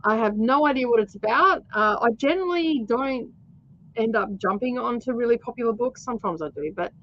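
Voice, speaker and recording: Hosting a relaxed livestream, an Australian woman chats her way through stories, laughing often and leaning on lots of fillers. She speaks briskly in a slightly high voice with lively intonation, and the audio is lo-fi.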